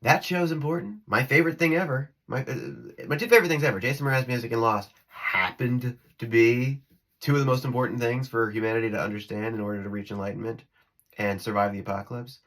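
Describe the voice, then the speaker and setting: A man's voice: mid-range voice, fairly even intonation, quick pace, fairly bright tone. A man talking to his phone camera in a rambling spiritual vlog, giggling and restarting his sentences as he drifts between topics. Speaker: spiritual vlogger.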